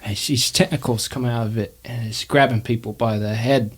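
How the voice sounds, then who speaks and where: A man's voice: medium pitch, fairly even intonation, slightly rough, natural voice. A man voicing a jittery orphan young man who halts and rambles as he tells of hiding from a monster. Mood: nervous. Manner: rambling, halting, fearful storytelling.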